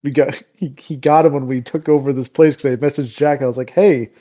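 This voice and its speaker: A man's voice: medium pitch, steady tone, a little fast, mellow, muffled recording. Laid-back male game master. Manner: laid-back, laughing, with frequent "uh" fillers. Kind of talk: running a tabletop game session.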